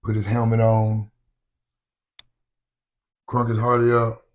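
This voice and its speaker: A young adult man, an actor guest on a casual podcast, telling stories in an animated, joking way and sometimes breaking into loud shouts. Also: on the low side, slow pace. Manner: animated storyteller who jokes and bursts into loud shouts.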